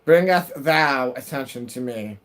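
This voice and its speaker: A man's voice: medium pitch, expressive, measured pace, a bit bright. A man voicing his pompous house cat. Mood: haughty. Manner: mock-archaic, haughty. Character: pompous attention-seeking male house cat.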